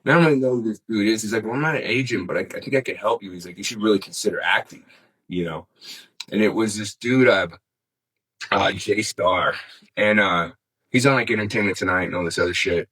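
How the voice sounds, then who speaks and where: A man's voice: lowish voice, fairly quick, fairly bright tone, slightly rough, poor audio. A middle-aged man telling a story as an interview guest in casual, rambling talk, swearing freely and saying "man" often. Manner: rambling, laid-back, peppered with "man" and swearing.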